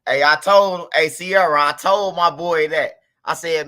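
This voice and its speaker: Bright-voiced man chatting on a livestream. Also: fairly high pitch, steady tone, a little slow. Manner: loose, profane, talks straight to the chat. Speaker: livestream host. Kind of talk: casual livestream commentary.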